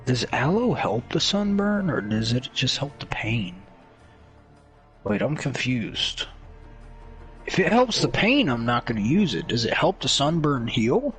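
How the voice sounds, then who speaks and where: An excitable young man chats through a gaming stream with a lively, wide-ranging voice. He jokes, pleads in a whiny tone, then drops to low muttering. Faint music plays behind him. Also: a little slow. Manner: excitable, joking, lots of laughter. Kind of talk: casual gaming stream chat.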